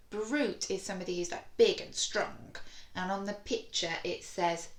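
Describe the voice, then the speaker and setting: A woman leads a recorded phonics lesson for young children, sounding out each word carefully and cheering them on. Her voice sits fairly low and she takes her time. The recording has a roomy echo. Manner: sounds out words slowly and clearly, encouraging. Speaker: primary school teacher. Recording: echoey room.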